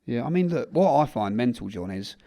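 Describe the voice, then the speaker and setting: A man's voice: medium pitch, expressive, fairly quick, creaky, mellow. A man hosting a boxing studio show, asking playful, jokey questions in a casual chat. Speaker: host.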